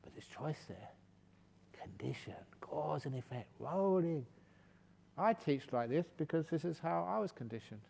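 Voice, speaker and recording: A man giving a calm, gentle meditation talk at a retreat, slipping in playful jokes. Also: on the high side, unhurried, vocal fry, long reverb tail. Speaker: meditation teacher.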